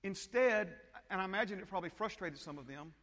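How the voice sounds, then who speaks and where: A man preaching a sermon as pastor, animated, often repeating phrases and checking in with his congregation. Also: high-pitched, racing. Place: church sanctuary. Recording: long hall reverb.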